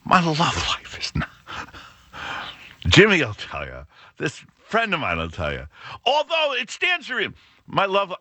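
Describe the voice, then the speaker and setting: A middle-aged man talks in a loose, wry monologue, starting sentences over and over as his thoughts run ahead of him. His voice swings widely in pitch and sounds bright and forward. The recording is dry, with no room sound. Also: wildly swooping pitch, a little slow, pauses often, dry recording. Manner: rambling, self-interrupting, wry. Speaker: show host. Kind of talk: casual monologue.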